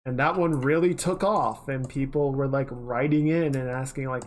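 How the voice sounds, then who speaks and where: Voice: mid-range voice, steady tone, moderate pace, few pauses. A livestreamer in casual chat while working, rambling and chatty, swearing offhandedly now and then.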